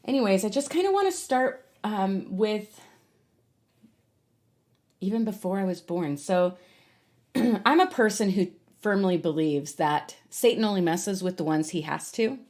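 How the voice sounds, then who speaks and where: A woman's voice: mid-range voice, lively intonation, measured pace, a little mellow. A woman hosting her own podcast, talking candidly and earnestly about her faith in an unscripted monologue with frequent fillers and restarts. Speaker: podcast host.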